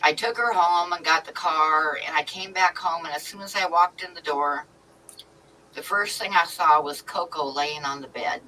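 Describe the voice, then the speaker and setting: A middle-aged woman with a low, bright, forceful voice hosts a livestream at a moderate pace, telling a story in casual chat and laughing often. The mic sounds slightly distant, with faint noise.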